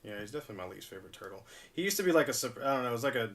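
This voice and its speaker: A man's voice: medium pitch, lively intonation, racing, fairly bright tone, recorded from a distance. Laid-back man rambling a little off-mic. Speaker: live-stream host. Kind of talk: casual chat while repairing a toy.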